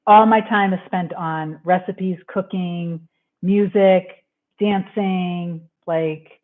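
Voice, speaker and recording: A woman coaching on a casual live-stream Q&A, talking in a rambling, effusive and heartfelt way. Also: lowish voice. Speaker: manifestation coach. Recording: tinny phone-like audio.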